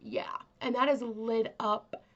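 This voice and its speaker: A woman with a stuffy nose hosting her own channel, chatting casually to camera in a soft, rambling way full of fillers. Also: a little high, slow, dull audio. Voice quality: aims to sound calming and kind. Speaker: vlog host.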